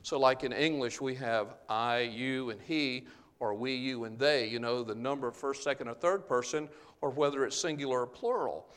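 A man delivers an earnest, explanatory Bible-teaching sermon at a middle pitch. His voice carries a long reverb, as if he is speaking in a large hall. He often pauses on small "uh" fillers as he explains the verses. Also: fairly bright tone. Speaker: preacher.

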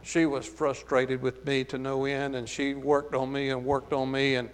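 A man's voice: mid-range voice, little pitch movement, moderate pace, clear, resonant tone. A man with a light Southern US accent teaching a Bible study sermon. He reads verses aloud and then explains them, with frequent "uh, there" fillers. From American South. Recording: long reverb of a hall.

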